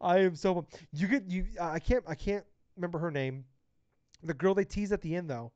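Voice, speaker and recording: Excitable foul-mouthed podcast guy. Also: high-pitched, a little fast, clear, resonant tone, no room sound. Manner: excited, profane, gushing. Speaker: podcast co-host. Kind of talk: casual podcast chat. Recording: dry, dull lo-fi podcast mic.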